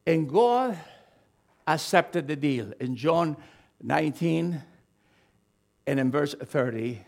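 Lively, high-voiced preaching man. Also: takes it slowly, creaky. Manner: impassioned preaching with storytelling asides. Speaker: pastor. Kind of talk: sermon.

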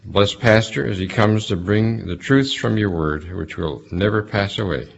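A man leading a formal congregational prayer in a measured cadence. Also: fairly low pitch, vocal fry, slightly rough, dull audio. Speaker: church leader leading prayer. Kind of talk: public prayer.

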